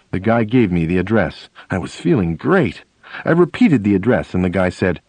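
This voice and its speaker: Lively, low-voiced male audiobook narrator. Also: normal speed, breathy edge, dry recording. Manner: animated storytelling, acting out dialogue. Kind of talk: first-person audiobook narration.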